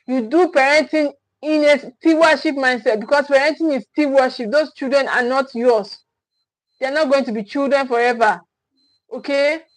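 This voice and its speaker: A woman's voice: high voice, moderate pace, no room sound, rough recording. A woman parenting coach giving a livestream teaching talk, repeating her key phrases with emphasis and often checking in with "okay?". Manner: frequent restarts and checking "okay?".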